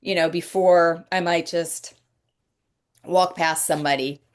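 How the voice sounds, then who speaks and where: A woman hosting a podcast, talking slowly and reflectively in a casual faith-based conversation, pausing to search for words. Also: on the low side, steady tone. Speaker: podcast host.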